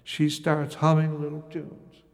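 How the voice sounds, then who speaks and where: A man's voice: fairly high pitch, completely flat delivery, a little slow, vocal fry, long reverb tail. An older man from the United States telling a wry, musing first-person story.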